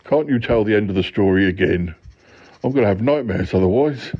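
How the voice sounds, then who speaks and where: A man's voice: fairly low pitch, lively intonation, a little fast, breathy edge. A man voicing a fretful, prim grown-up who is being told a bedtime story and keeps objecting to it. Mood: upset. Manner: fussy, easily alarmed, prim objections. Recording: dull lo-fi recording.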